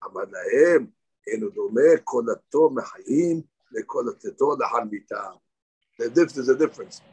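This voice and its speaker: A man's voice: mid-range voice, expressive, normal speed, darkish tone, husky, rough recording. A man teaching a live Talmud class. He reads Aramaic lines aloud, explains them in English, and rises sharply on key points. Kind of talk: daily Talmud class lecture.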